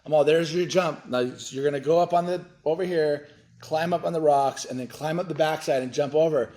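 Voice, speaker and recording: Excitable man telling an animated story. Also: a little high, a little fast. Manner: excitable, acts out dialogue in his stories. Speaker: podcast guest.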